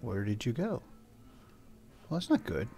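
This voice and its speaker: Speaking a little slowly in a medium-pitched, creaky, warm voice with wildly swooping pitch, an older man hosts a gameplay video. He gives rambling, chatty let's-play commentary and coos at his pets; there's slight background noise and faint music.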